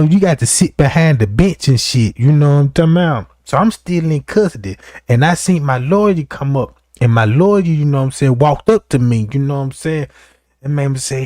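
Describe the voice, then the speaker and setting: A man's voice: on the high side, no echo, studio quality. A young man telling a comic story, talking loosely and profanely and often checking in with the listener. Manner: animated, profane, keeps asking "you know what I'm talking about". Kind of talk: comedic storytelling.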